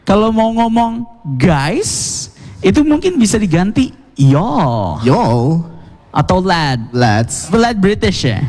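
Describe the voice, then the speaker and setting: This is a man hosting a lively English class in front of an audience. He jokes and teaches by turns, his voice climbing high and then dropping with a wide, swinging range. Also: measured pace. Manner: playful, switches between teaching and joking.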